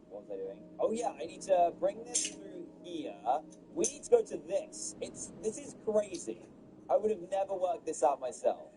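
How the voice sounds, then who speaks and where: A man giving Let's Play commentary as a gaming streamer, excitable and exasperated at the game's glitches. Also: sits high, background noise.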